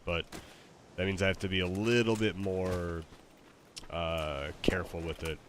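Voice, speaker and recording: Deep-voiced laid-back gamer guy. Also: fairly even intonation, unhurried, slight background noise. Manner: hesitant, stammering, laid-back. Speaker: gamer streaming a match. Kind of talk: casual gameplay chat.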